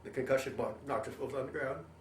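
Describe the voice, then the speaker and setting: An older man, a veteran, telling his war experiences in an oral history interview, lively storytelling that acts out what others said. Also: mid-range voice, fast. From Canada. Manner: animated storytelling, acts out quoted voices. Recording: roomy, mic at a distance, faint hiss.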